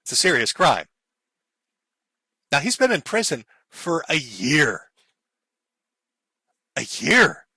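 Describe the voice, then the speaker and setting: Male streamer, sarcastic rant, swears freely, animated delivery, dry close sound. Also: fairly high pitch, takes it slowly, vocal fry, long pauses, slightly rough, dry recording. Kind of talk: ranting live-stream commentary.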